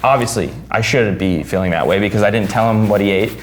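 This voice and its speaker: Animated, cursing man telling a story. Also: fairly low pitch, fast talker, slight background noise. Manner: animated, swears freely, acts out quotes loudly. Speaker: podcast host. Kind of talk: casual storytelling chat.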